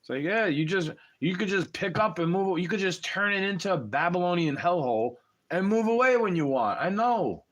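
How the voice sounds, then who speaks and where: A young man rants into his livestream, cursing and addressing the listener head-on. His voice sits a little high for a man and swings widely in pitch as he gets worked up. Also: animated, moderate pace. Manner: profane, agitated, talks straight at the listener. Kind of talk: ranting livestream monologue.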